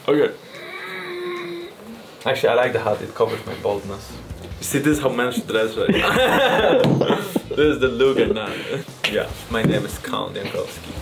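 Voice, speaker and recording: A man's voice: mid-range voice, wildly swooping pitch, unhurried, long pauses, loud music behind the voice. A young man joking around on a video shoot, laughing often between his lines. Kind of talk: joking behind-the-scenes chat. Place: studio set during a video shoot.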